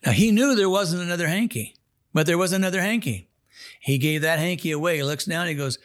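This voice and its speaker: A man's voice: fairly high pitch, lively intonation, brisk, a bit bright. A man, a chaplain, telling a story from the pulpit in an earnest, folksy way, acting out the dialogue. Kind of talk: storytelling sermon.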